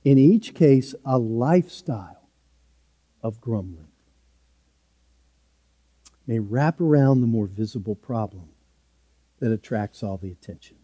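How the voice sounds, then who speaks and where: A man's voice: mid-range voice, expressive, measured pace, long pauses, mellow, long reverb tail. A man preaching a sermon as pastor, earnest and emphatic, driving points home with repeated short phrases.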